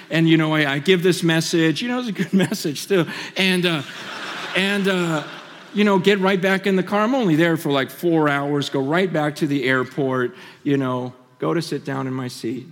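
High-voiced preacher in a reverberant hall. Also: male voice. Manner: impassioned, repeats himself, swings between loud and hushed. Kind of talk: sermon storytelling. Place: on a stage in a large hall. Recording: long reverb of a large hall.

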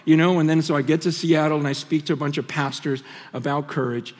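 Male preacher, fairly high voice, impassioned storyteller with lots of repeats, big hall with long reverb. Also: fairly even intonation, fairly quick. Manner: impassioned, repeats himself, swings between loud and hushed. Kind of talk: sermon storytelling. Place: on a stage in a large hall.

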